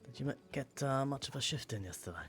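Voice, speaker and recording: A man playing a detective in an online roleplay, laid-back, laughing often, with quiet whispered asides. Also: mid-range voice, fast talker. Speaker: detective character in a roleplay, streamer. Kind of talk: in-character roleplay chat.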